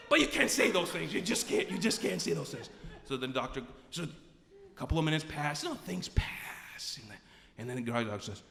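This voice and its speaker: A man's voice: on the high side, a little fast, creaky. A man from Pakistan telling a personal story on stage, acting out the other people in it. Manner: animated, acts out voices of doctor and nurse. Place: stage in a live venue. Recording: live stage recording with long reverb.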